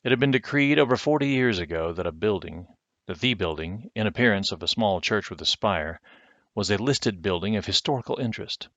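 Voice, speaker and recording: A man reading a chapter book aloud to his children at home in a measured storytelling way, recorded on a webcam. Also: on the low side, expressive, a bit bright, no echo. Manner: measured storytelling, slowing for effect. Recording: dull lo-fi webcam sound, dry.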